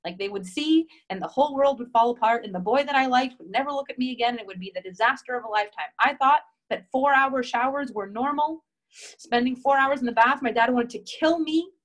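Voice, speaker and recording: Female coach, a touch high, encouraging, talks straight to listeners on a call. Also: a little fast. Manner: warm, encouraging, reads out members' comments. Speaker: relationship coach.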